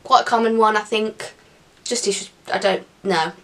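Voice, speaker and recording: A woman's voice: medium pitch, fairly even intonation, normal speed, a bit bright. A young woman chatting casually to camera in an upbeat Q&A vlog, with giggly asides. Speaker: vlogger.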